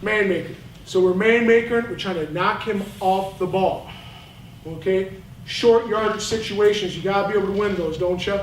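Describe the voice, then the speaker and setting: Football coach breaking down film, blunt, fired up, highish voice, echoey room, sounds kinda far off. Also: male voice, moderate pace. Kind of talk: coaching clinic talk over game film. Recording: roomy, distant mic, faint noise.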